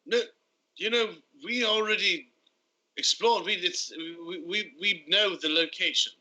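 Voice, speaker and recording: A man playing his character at a tabletop game, babbling anxiously and repeating himself for laughs. His voice is very bright and sharp, and it sits fairly high. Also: a little slow, rough recording. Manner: anxious, repetitive, comic babbling. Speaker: player.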